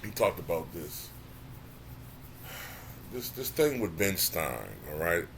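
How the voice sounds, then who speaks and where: A man hosts his own commentary channel in a casual, talkative way. His voice sits very low but swings widely in pitch, turning animated and exasperated at times. A faint hiss runs under the recording. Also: slow. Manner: animated, rising to exasperated near-shouting; says he can sound monotone at times. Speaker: channel host.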